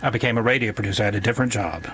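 A man's voice: on the low side, rapid-fire, a bit bright, a little hiss or hum, low-quality recording. A man who produces a radio show and did stand-up, telling dry puns. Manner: dry, punning. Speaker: radio producer and former comedian. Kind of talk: deadpan joke telling.

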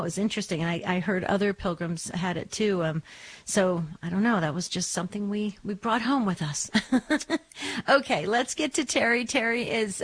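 Effusive woman co-hosting call-in radio, mid-pitched. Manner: chatty and effusive. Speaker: radio co-host.

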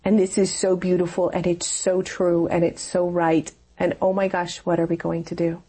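A woman's voice: lowish voice, flat delivery, normal speed, warm tone, husky. A woman telling a personal faith story in a conversation, earnest and rambling, with many fillers. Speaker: interview guest.

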